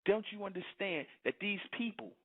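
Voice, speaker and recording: A man's voice: sits high, expressive, moderate pace. Preachy man on a tinny line. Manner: preachy, repetitive, rhetorical questions. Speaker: commentator. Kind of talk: preaching monologue. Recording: tinny phone-like sound.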